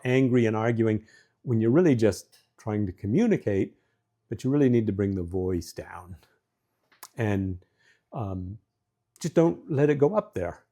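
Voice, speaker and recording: A middle-aged man hosting a show, giving marriage advice in a relaxed, conversational way with frequent fillers. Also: mid-range voice. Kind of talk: casual advice talk.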